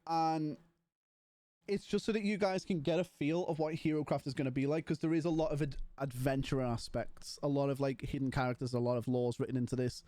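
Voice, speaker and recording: A man's voice: medium pitch, steady tone, fairly quick, warm tone, no room sound. A young British man chatting casually and a bit scatterbrained to his live-stream chat. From Britain.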